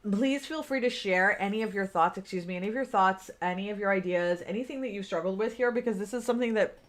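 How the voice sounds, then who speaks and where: A business coach in her forties talks off the cuff on a livestream, chatty and full of fillers, greeting viewers by name. Her voice is mid-range and fast.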